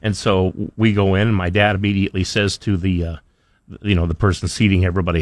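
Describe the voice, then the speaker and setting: A man's voice: low-pitched, flat delivery, quick pace, no room sound, clean studio sound. A man, a radio co-host who banters casually and makes wry jokes. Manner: wry, joking asides.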